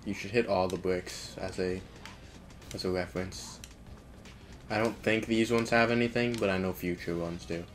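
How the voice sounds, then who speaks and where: A man's voice: low-pitched, steady tone, normal speed. A man co-hosting a let's play video, chatting casually and playfully while the game runs. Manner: playful, chatty, prone to silly sounds. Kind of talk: casual gaming chat.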